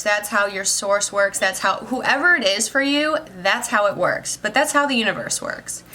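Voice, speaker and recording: A woman's voice: medium pitch, bright, forceful tone. A young woman talking about her day in a casual, emotional vlog, rambling and saying "like" a lot. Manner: emotional, rambling, says "like" constantly. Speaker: vlogger, social worker.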